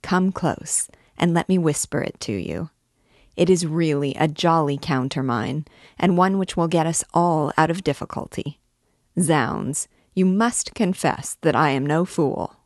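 A woman's voice: low voice, unhurried, no room sound, studio quality. A woman voicing a vain, wordy male poet who rambles and boasts about his clever plans. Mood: chatty. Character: vain chattering male poet, pleased with himself.

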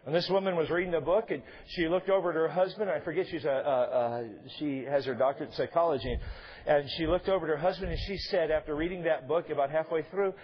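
A man preaching in a church, his voice a little high and husky. He talks to the congregation like he is chatting with them and drops joking asides. The recording sounds dull and lo-fi. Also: fairly even intonation, quick pace. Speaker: pastor. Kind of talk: sermon. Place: church sanctuary.

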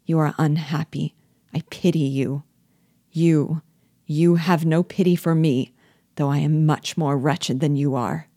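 A woman reading aloud, giving soft, sorrowful lines to a gentle male rebel leader. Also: deep voice, level tone, measured pace, no room sound, clean studio sound.

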